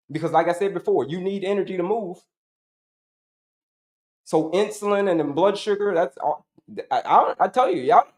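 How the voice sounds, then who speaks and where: A man's voice: high-pitched, reverberant. A middle-aged man giving an emphatic, repetitive health coaching talk, asking and answering his own questions to the audience.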